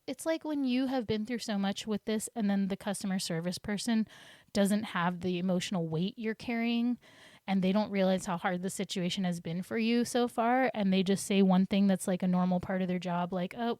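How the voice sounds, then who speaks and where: A young woman hosts a podcast and tells a personal story casually, rambling and restarting her sentences. Her voice is medium-pitched. The recording is dry and close. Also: darkish tone, no room sound. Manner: rambling, chatty, many restarts and fillers. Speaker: podcast host.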